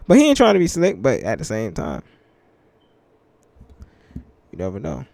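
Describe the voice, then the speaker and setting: A young man giving casual reaction commentary in relaxed slang, slowing down when he reads verses aloud. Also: medium pitch, creaky, dry recording. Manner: laid-back slangy banter, reads scripture slowly. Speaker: commentary channel host. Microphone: headphones with mic.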